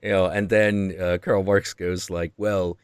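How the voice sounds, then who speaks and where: A man's voice: low voice, level tone, a little slow, smooth, no echo. A man hosting a stream, chatting casually and rambling through ideas, now and then acting out voices in quotes. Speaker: stream host. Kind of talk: casual chat.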